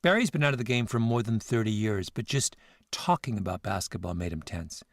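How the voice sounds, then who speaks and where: A man hosting a podcast, telling a story in scripted narration with a measured, reflective manner. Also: on the low side, lively intonation, no echo, studio quality. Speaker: podcast host.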